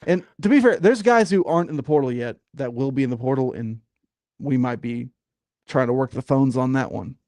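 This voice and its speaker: A man's voice: medium pitch, a little fast, a little mellow, dry recording, studio quality. A man hosting a casual sports talk podcast, rambling with lots of fillers and getting worked up. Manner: rambling, frequent fillers, gets fired up. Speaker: podcast host.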